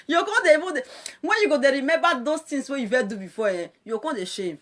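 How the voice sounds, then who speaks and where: Bright-voiced Nigerian woman, animated. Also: on the high side, fairly quick. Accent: Nigerian Pidgin English. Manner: animated, playful, frequent laughs and exclamations. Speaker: social media live video presenter. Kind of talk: casual live-stream monologue.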